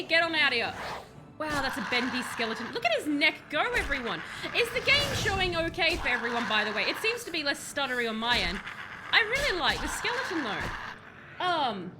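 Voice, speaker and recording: A young woman chatting and rambling to her stream chat while she plays a game, laughing at her own jokes. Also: high voice. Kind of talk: casual live-stream chat while gaming. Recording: music playing behind.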